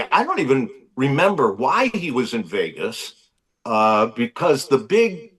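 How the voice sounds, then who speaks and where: A man, a podcast guest, telling a story in a casual, unhurried way. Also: mid-range voice, distant mic, rough recording. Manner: slow, lively storytelling.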